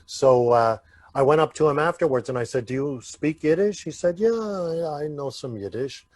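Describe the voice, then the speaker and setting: A man from the United States, a guest on an interview podcast, telling stories at an easy pace with many small pauses. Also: fairly high pitch, lively intonation, a little mellow. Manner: unhurried, full of "uh" pauses. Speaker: guest, Yiddish actor. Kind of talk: relaxed storytelling in an interview.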